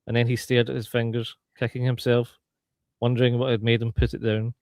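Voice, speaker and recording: A man's voice: mid-range voice, flat delivery, a little fast, no echo. Man reading a story steadily. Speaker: podcast co-reader. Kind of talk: reading a short story aloud.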